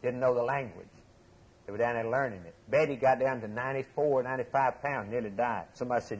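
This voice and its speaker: Husky-voiced preacher with a drawl. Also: male voice, quick pace, poor audio. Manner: impassioned storytelling, swinging from loud emphasis to low hushed asides. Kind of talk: sermon.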